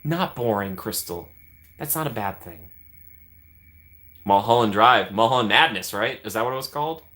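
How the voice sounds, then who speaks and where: Bright-voiced man chatting on a live stream. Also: on the low side, lively intonation, normal speed. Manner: chatty, laughs often, answers viewers by name. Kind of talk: casual live-stream chat.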